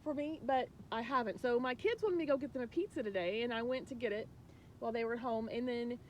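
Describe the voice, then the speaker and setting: A woman with a fairly high voice talks straight to her viewers as a spiritual coach. She is earnest and rambling, restarting her sentences often as she confides her feelings, and a faint low rumble sits underneath. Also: fast talker, darkish tone. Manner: emotional, confiding. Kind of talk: casual spiritual message to viewers.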